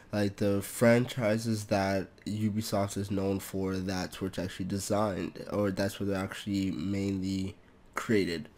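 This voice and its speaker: A young man from Toronto, hosting a casual update vlog in a monotone, hesitant way full of fillers. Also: low voice. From Toronto, Canada. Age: young adult. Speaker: programming channel host.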